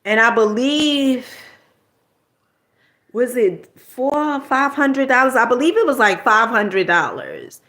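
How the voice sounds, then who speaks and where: A woman's voice: on the high side, animated, slow, a bit bright. A middle-aged woman from New Jersey telling a personal story in a casual, colloquial way, tossing in "okay?" and mild swearing.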